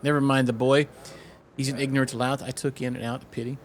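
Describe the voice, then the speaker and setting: Reading game dialogue aloud, a man plays a pompous, boastful innkeeper who spins tales in theatrical, old-fashioned speech. His natural voice is medium-pitched and level, and he talks fast with a haughty air.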